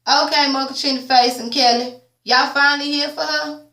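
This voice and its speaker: A tired woman giving a sassy, casual TV episode recap, swearing freely and jumping up in pitch when she quotes the characters. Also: fairly even intonation, moderate pace, pushed and bright. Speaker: TV recap vlogger. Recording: echoey room.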